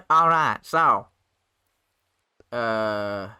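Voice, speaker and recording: Gaming guy chatting casually over his playthrough, bright voice. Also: medium pitch, expressive, drawn-out words, creaky, clean tone, no echo. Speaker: gaming host. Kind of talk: let's play commentary.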